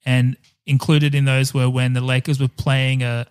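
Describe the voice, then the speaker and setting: Smooth and flat in delivery, this man's mid-range voice runs at normal speed. He co-hosts a relaxed movie podcast, joking, swearing, and wandering onto tangents.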